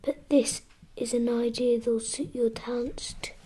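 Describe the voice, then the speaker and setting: A woman's voice: fairly high pitch, little pitch movement, a little slow, mellow, slightly rough. A woman in whispered role-play voicing a cheerful, boastful male pirate captain with a wheedling salesman's patter. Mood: scheming.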